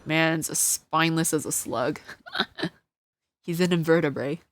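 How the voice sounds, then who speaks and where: A woman's voice: low-pitched, a little slow, slight background noise. A woman commenting playfully and wryly while streaming a courtroom game. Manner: playful, wry, laughing.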